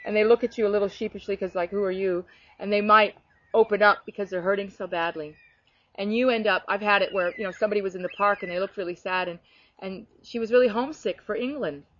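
A middle-aged Australian Christian speaker talks earnestly about faith in a casual chat, telling personal stories and restarting often. Her medium-pitched, fairly bright voice is quick and fairly even. The recording is dull and lo-fi with a little hiss or hum.

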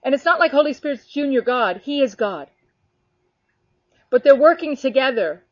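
Woman, higher voice, eager faith chat, lo-fi dry recording. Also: moderate pace, no room sound. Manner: animated, earnest, many fillers. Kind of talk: casual faith conversation. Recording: dull lo-fi sound.

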